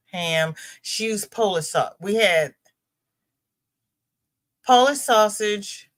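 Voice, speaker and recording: A middle-aged woman with a mid-range, slightly bright voice hosts a live stream. She chats casually and rambles, pausing to greet viewers by name.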